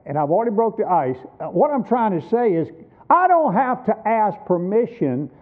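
A man's voice: sits high, sing-song, moderate pace. A man in his sixties preaching a sermon at a missions conference, emphatic and teaching with rhetorical questions. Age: 60s. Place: church. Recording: tinny phone-like sound.

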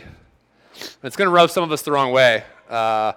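A man's voice: medium pitch, expressive, measured pace, a bit bright, clear, resonant tone. A man preaching a sermon in a casual, conversational way, telling stories with quoted back-and-forth dialogue. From United States. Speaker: pastor.

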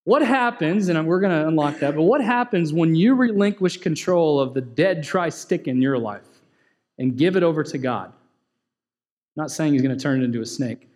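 A man's voice: a little high, expressive, normal speed, darkish tone. A man preaching a sermon in a conversational way, asking the congregation questions and joking with them. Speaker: pastor.

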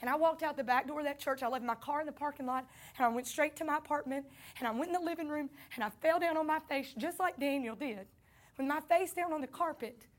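Woman, Southern accent, high-pitched, earnest personal storytelling, faith testimony. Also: quick pace. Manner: earnest, addresses listeners as y'all. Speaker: speaker sharing a faith testimony.

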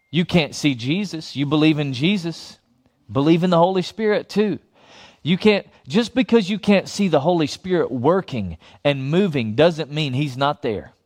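A male pastor preaching a lively sermon, often repeating phrases and chuckling between points. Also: on the high side.

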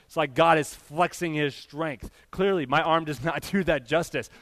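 Pastor, male, 30s, high voice, dry close sound, earnest sermon with swelling emphatic builds. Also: normal speed, a bit bright, no room sound. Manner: earnest preaching with rising emphatic builds, addresses the church directly.

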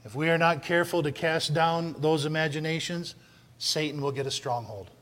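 Male pastor, fairly high forceful voice, emphatic repeating delivery, big hall reverb. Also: moderate pace. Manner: preaching with emphatic repetition, swinging from loud shouts to low intensity. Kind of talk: sermon.

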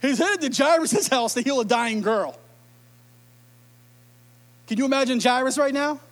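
A man's voice: extremely high pitch, expressive, normal speed. A middle-aged man preaching a sermon, retelling scripture with playful jokes and asides. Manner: playful, joking storyteller. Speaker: pastor.

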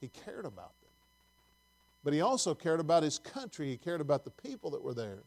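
A man's voice: a little high, wildly swooping pitch, brisk, darkish tone. A middle-aged male preacher giving a conversational sermon, reading scripture and asking the congregation questions.

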